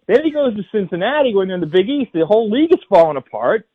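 A man who is a guest college football writer on a radio interview, making a fast, emphatic argument that builds point by point. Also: high-pitched, sing-song, husky, narrow, tinny audio.

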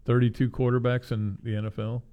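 Brief: male sports radio co-host, mid-pitched, loose and rambling, quick to chuckle. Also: flat delivery, muffled recording. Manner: rambling, chuckling, self-interrupting. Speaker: co-host of a sports talk show. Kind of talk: casual sports radio chat.

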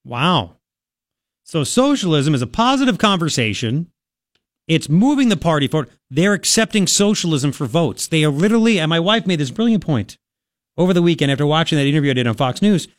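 A man hosting a political talk radio show, rambling and sarcastic in an animated way. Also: fairly high pitch, brisk, no echo, studio quality.

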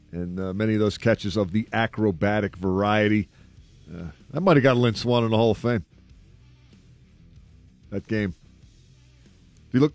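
A man hosting a casual sports talk show, reading through a ranked list and breaking in with his own thoughts, with a few "uh" fillers. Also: fairly low pitch. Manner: conversational, thinks aloud with "uh" fillers.

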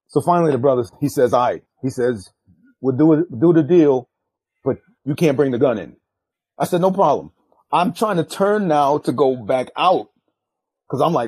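An older man, a retired drug agent, telling a tense undercover story in an interview, profane and animated. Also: normal speed, slightly rough, dry recording. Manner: animated, jumps loud and high acting out quotes; profane, street-style speech.

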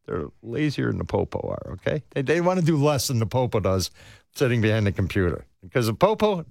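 A man's voice: medium pitch, brisk, vocal fry, no echo. A middle-aged man co-hosting a police talk radio show, joking and riffing in casual banter from a studio microphone. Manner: wisecracking, animated, playful asides.

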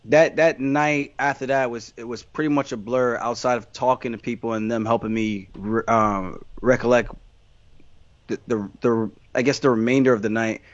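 A man's voice: mid-range voice, steady tone, moderate pace, no room sound. A man being interviewed about his fighting career, talking in a candid, meandering way full of restarts and fillers. The sound is dry and slightly dull, as though the voice was captured close with no room around it. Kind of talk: casual interview answers.

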